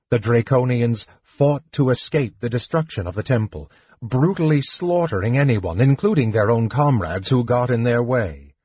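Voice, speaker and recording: The husky, mid-pitched narrator reads a fantasy novel in a slow, measured, dramatic way, his tone on the dark side. It sounds like a home audiobook, dry and slightly dull.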